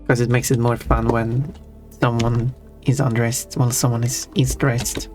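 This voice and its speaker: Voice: mid-range voice, flat delivery, normal speed, darkish tone, soft background music. A streamer chatting casually while drawing, rambling, breaking off mid-thought and humming along playfully. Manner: rambling and self-interrupting; playful, hums to themself.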